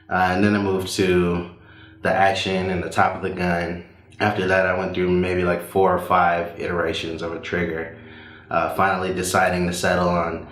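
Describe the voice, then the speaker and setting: Deep-voiced man telling a story on stage. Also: a little hiss or hum. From Southern United States. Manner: relaxed, conversational with many fillers. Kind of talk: live personal storytelling. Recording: roomy live hall.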